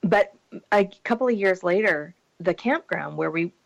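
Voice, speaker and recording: Lively woman telling a story. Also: on the low side, normal speed, creaky, poor audio. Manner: animated storyteller, laughs often, acts out voices. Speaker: podcast guest. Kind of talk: casual storytelling interview.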